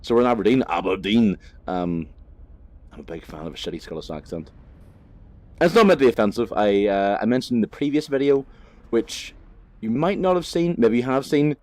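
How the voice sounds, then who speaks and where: A man's voice: medium pitch, very animated, fairly quick, a little mellow, no room sound. A man, chatting loosely and swearing casually as he plays a driving game for his channel. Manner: rambling, laid-back, sweary, lots of fillers. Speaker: gaming vlogger. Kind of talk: casual commentary while playing a driving game.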